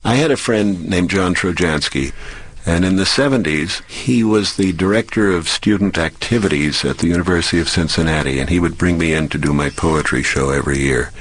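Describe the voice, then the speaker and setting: Man, very deep voice, former DJ, relaxed anecdotal interview. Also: fairly quick. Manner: relaxed storytelling.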